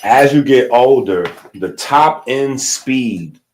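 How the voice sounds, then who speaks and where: A man's voice: mid-range voice, animated, slow pace, a little hiss or hum. A man teaching a casual lecture, explaining in a loose conversational way and checking in with frequent "right?" tags.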